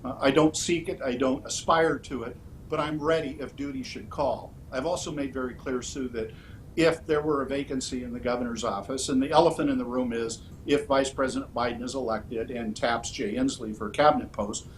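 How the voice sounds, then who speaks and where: A man in a candidate interview who answers in a measured, orderly way, often pausing on "uh" between points. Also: mid-range voice, steady tone, slight background noise, low-quality recording. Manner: measured, orderly, with frequent "uh" fillers. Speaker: political candidate.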